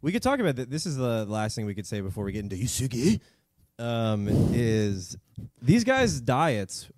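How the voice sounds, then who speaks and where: Man, podcast co-host, joking, rambling, swearing, cold, mid pitch, dry close sound. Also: sing-song, normal speed, a little mellow, dry recording. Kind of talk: casual comedic history chat.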